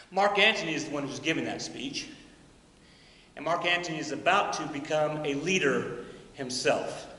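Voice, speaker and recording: A man giving a recorded keynote speech at a school induction ceremony, moving around a high school auditorium and telling stories in a playful, theatrical way. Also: lively intonation, moderate pace, bright, forceful tone, husky. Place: high school auditorium, stage and control booth. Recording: echoey auditorium reverb.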